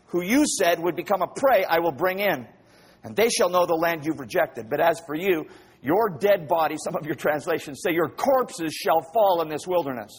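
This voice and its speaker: Animated husky-voiced male preacher. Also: on the high side. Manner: animated, acts out voices of the people and God. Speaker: pastor. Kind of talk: sermon.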